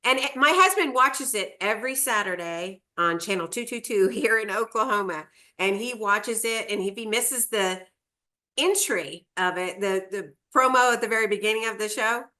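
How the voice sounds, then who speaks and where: A woman's voice: medium pitch, moderate pace, bright, forceful tone. A woman hosting a casual interview, eagerly prompting her guest. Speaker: host.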